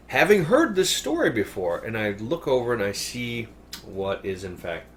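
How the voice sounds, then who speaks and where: Male podcast host, animated storyteller with a swooping delivery, chuckles at his own jokes, faint background noise. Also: lowish voice. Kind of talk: casual chat, storytelling.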